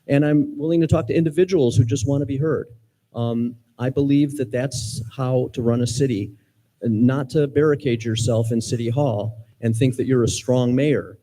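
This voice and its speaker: A middle-aged man from Ohio speaking as a mayoral candidate, sincere but halting, with many ums and restarts. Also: mid-range voice, fairly even intonation, mellow, low-quality recording. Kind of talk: campaign speech at forum.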